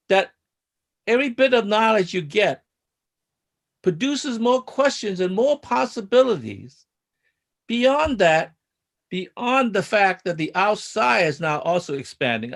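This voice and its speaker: A man's voice: sits high, lively intonation, unhurried, vocal fry, fairly bright tone. A man in a study group telling a rambling story, chuckling at his own points. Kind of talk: casual group discussion.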